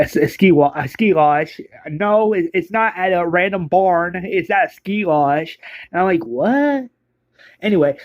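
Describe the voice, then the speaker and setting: A man's voice: high-pitched, no room sound. A man giving a casual spoken book review, rambling and exasperated, stumbling over restarts and swearing.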